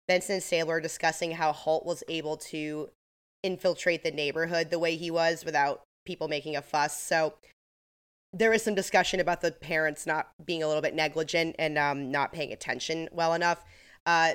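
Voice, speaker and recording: A woman co-hosting a podcast, casually recapping episodes and acting out the characters' quotes in an animated way. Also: low voice, clear, resonant tone. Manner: animated retelling with acted-out quotes, frequent "like". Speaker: podcast co-host recapping a crime show.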